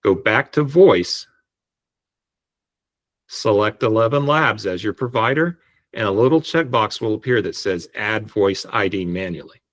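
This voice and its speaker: A man explaining step by step how to set up an AI voice agent, speaking on a video call in a relaxed, explanatory way. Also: on the low side, a little slow. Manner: relaxed, explanatory, frequent restarts. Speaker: tutorial presenter. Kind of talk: screen-share software tutorial.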